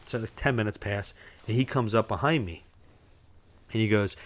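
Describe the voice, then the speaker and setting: A man's voice: lowish voice, normal speed, pauses often. A man hosting a show, telling rambling, self-amused stories in a casual way, chuckling as he goes. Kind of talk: casual storytelling.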